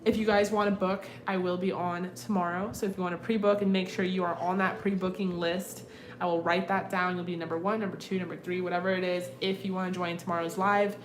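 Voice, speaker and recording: A woman's voice: lowish voice, flat delivery, a little fast. A young woman tarot reader chatting casually and laughing often on her live stream. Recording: echoey room with noticeable background noise.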